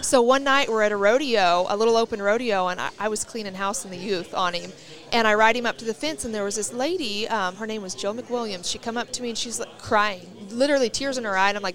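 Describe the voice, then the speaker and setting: A woman's voice: fairly high pitch, fast talker, hardly any pauses, fairly bright tone. Chatty woman hosting a podcast. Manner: chatty, storytelling, enthusiastic. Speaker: podcast host. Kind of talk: casual interview chat. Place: rodeo arena event.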